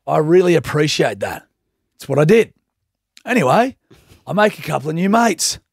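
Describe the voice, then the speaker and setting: A man's voice: a little high, sing-song, normal speed, gravelly, breathy edge, dry recording, studio quality. An Australian man in his thirties, a radio host telling a story on air and acting out everyone's lines.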